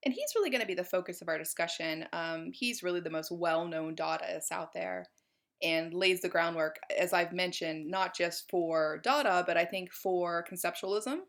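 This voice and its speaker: A woman's voice: lowish voice, gravelly, a bit bright. A woman giving a college art history lecture in a chatty, informal way, with many fillers.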